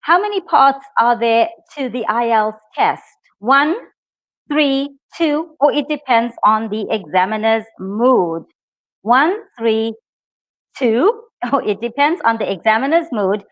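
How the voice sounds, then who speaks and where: Woman teacher on a live stream, slow careful talk, bit high voice, dull lo-fi audio. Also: expressive. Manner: upbeat, encouraging, addresses viewers as guys. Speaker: English teacher. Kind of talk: live online lesson.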